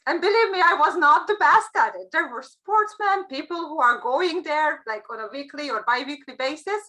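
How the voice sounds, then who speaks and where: A woman's voice: high-pitched, normal speed, poor audio. A woman giving a motivational career talk, telling stories and acting out the thoughts of the people in them. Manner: animated storytelling, acts out quoted thoughts. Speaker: career coach.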